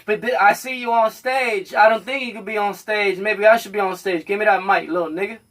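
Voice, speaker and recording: A man's voice: high-pitched, steady tone, fairly quick, fairly bright tone. A man hosting a podcast who keeps interrupting, teasing and cursing at his guest. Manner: teasing, interrupting, profane, boisterous. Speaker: podcast host. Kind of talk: casual podcast banter.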